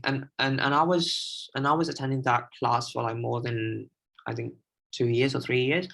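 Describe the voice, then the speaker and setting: Gravelly-voiced young man, halting speech. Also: medium pitch, rough recording. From Myanmar. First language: Burmese. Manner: hesitant, many restarts and fillers. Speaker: language learner sharing tips. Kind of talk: casual livestream talk.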